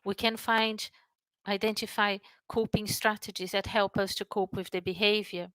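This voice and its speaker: A woman who works in mental health speaks calmly and earnestly, softening her voice when she guides a breathing exercise. Her voice sits at a medium pitch. The recording is dry, with no room echo. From United Kingdom. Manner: calm, earnest, slows and softens for the breathing guidance. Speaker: mental health practitioner giving a talk.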